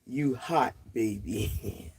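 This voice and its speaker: Woman, 60s, livestream host; casual chatter outdoors, quick to laugh, greets viewers. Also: very deep voice, animated, a little mellow, breathy edge.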